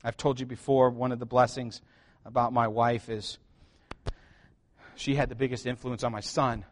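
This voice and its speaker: A middle-aged pastor preaches a sermon in a mid-range voice at a normal speed, with a flat delivery. He jokes and shifts between loud emphasis and quiet asides.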